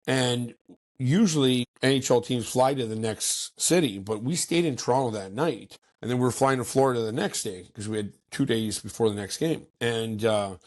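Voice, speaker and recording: A man in his forties tells an old hockey story as a podcast guest. His telling is animated and salty, and he slips into the voices of the people he quotes. His voice sits at a middle pitch for a man. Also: normal speed. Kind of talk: storytelling in casual chat.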